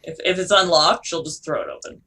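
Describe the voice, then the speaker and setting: A player describing their character's actions in a tabletop game, in a halting way with many fillers. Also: medium pitch, fairly even intonation, bright, forceful tone, recorded from a distance, rough recording.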